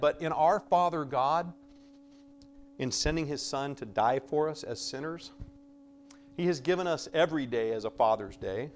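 A man preaching a conversational sermon, swinging between loud emphasis and soft asides and acting out quoted voices with humor. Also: on the high side, moderate pace, a little hiss or hum.

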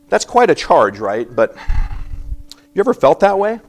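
A man preaching a sermon, reading scripture aloud and acting out the voices in it, swinging from loud emphasis to quiet asides. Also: a little high, moderate pace. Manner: animated preaching, acting out biblical voices with sudden quiet drops. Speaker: pastor.

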